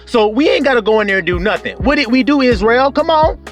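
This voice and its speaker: Fervent high-voiced male preacher. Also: animated, quick pace, soft background music. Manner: fervent, call-and-response preaching with whoops and shouts. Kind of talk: sermon.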